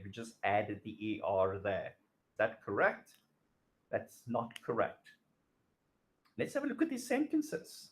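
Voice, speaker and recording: A middle-aged man teaching a recorded grammar lesson, slow and patient, repeating phrases and asking the students questions. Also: a little high. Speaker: English teacher.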